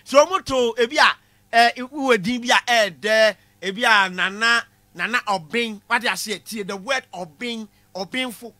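A man giving a comic classroom lecture, animated, shouting punchlines and laughing at his own jokes. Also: very high-pitched, normal speed, no room sound. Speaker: comedy lecturer.

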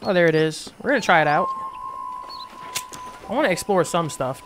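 A man's voice: sits high, animated, moderate pace, pauses often, fairly bright tone, a little hiss or hum. A man casually commenting while playing a game, thinking aloud with restarts. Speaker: gameplay streamer.

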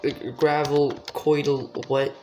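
A man's voice: on the high side, flat delivery, slow. A man giving live gameplay commentary as he plays, frustrated, self-mocking and swearing a lot. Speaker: gamer streamer. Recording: echoey room with background noise and keyboard clicks.

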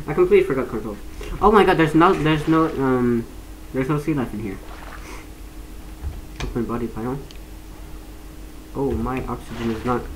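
A young woman casually commenting on her gameplay, chatty and excitable, often laughing and shrieking. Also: extremely low pitch, roomy sound, a little hiss or hum, low-quality recording. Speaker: gaming streamer.

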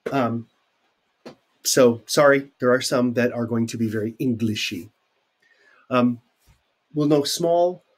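Husky, lively-voiced male teacher. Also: a little high. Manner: chatty, explains with asides and fillers. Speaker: sign language teacher. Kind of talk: recorded video lecture.

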